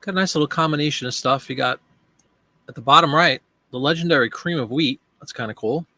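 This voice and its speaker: A man's voice: fairly high pitch, fast, pushed and bright, no room sound. A man hosting a casual live stream, thinking aloud as he works and chatting with viewers by name. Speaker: live-stream host and online seller.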